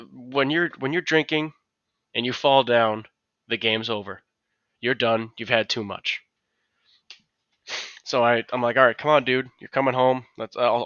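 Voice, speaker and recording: Man, casual podcast storyteller, bright, lively, acts out his coworkers' lines. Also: mid-range voice, no echo, highs cut off. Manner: animated, acts out quotes of coworkers. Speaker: podcast co-host.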